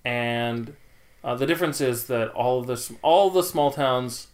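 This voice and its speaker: A man's voice: mid-range voice, unhurried. A man from Canada hosting a podcast, chatting casually and telling rambling stories. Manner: rambling, animated storyteller. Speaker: podcast host. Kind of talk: casual chat.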